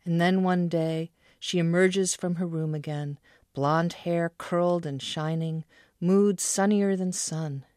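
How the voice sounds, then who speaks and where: A woman author reading a passage of her own novel aloud in a measured literary way. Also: lowish voice, fairly even intonation, a little mellow, dry recording, studio quality.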